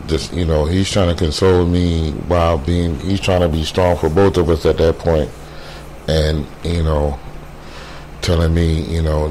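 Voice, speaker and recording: Very deep-voiced man, slow and halting. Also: level tone, a little mellow, slight background noise. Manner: halting, many fillers and repeated words; quotes others in a brisk voice. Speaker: storyteller sharing a personal story. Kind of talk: casual personal storytelling.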